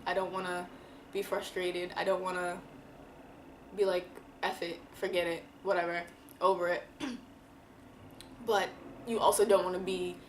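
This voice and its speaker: Woman vlogger, emotional and candid, slightly low voice, faint background noise. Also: poor audio. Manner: candid and emotional, slangy, drawn-out words. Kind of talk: personal confessional vlog.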